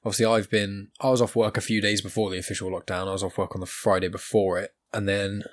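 Give me a quick, low-voiced young man hosting his podcast. He chats casually and loosely, restarting his sentences as he goes. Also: flat delivery. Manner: chatty, rambling with restarts. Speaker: podcast host.

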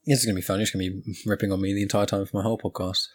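Give me a quick, low-voiced young man hosting his podcast. He chats casually and loosely, restarting his sentences as he goes. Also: flat delivery, slightly rough. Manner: chatty, rambling with restarts. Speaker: podcast host.

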